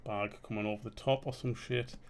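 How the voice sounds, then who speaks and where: A man with a fairly low, steady voice talks briskly while streaming a drawing session. He rambles and mutters to himself as he works, swearing freely in this casual live-stream commentary.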